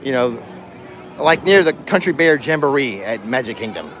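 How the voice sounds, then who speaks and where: A man's voice: mid-range voice, expressive, moderate pace, a bit bright, slight background noise. A man hosting a casual livestream while walking through an outdoor theme park, joking playfully with his viewers into a handheld phone. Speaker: livestream host. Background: faint music and crowd.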